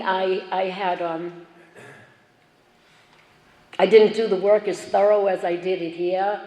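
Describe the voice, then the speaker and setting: A woman's voice: mid-range voice, mellow. A woman speaking at a recovery meeting, telling her own story in a chatty, self-mocking, joking way. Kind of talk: personal share at a recovery meeting. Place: meeting hall. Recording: echoey hall, faint background noise.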